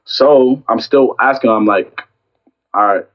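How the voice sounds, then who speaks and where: A young man casually telling a story about a fight with a girlfriend, acting out both sides with lively quoted lines. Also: mid-range voice, slow pace, dull audio. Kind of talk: casual chat.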